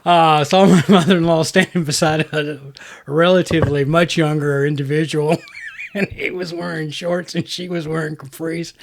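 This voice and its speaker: A man's voice: on the high side, little pitch movement, moderate pace. Laughing man. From US Southeast. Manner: laughs often, jokey, trails off mid-sentence. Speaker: podcast co-host. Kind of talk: casual movie-review chat.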